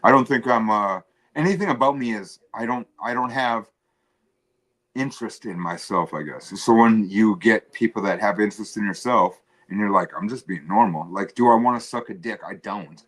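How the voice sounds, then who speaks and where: A man speaks as a guest on a casual livestream, rambling and halting as he tells a story against himself. His voice sits a little low. He stumbles and restarts as his thoughts unfold. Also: a bit bright. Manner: rambling, halting, self-deprecating.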